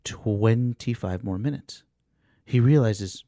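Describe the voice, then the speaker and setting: A man's voice: mid-range voice, slow pace, gravelly, pauses often, no room sound, studio quality. A man casually telling a long story as a podcast co-host, acting out the voices of the people in it. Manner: animated, acts out voices in the story.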